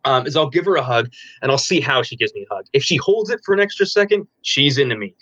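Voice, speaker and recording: A man's voice: mid-range voice, lively intonation, quick pace, a bit bright, a little hiss or hum. A man in his twenties, a guest on an interview show, explaining dating advice frankly with plenty of fillers and restarts. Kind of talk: casual interview answers. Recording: dull lo-fi dry audio.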